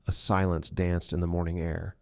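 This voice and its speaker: A man reading an audiobook thriller in measured, dark scripted narration. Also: low voice, flat delivery, gravelly, clear, resonant tone, no room sound.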